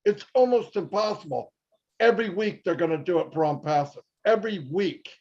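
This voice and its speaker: A man's voice: high-pitched, animated, normal speed, darkish tone, highs cut off. An older man giving an effusive, joking motivational talk on a livestream.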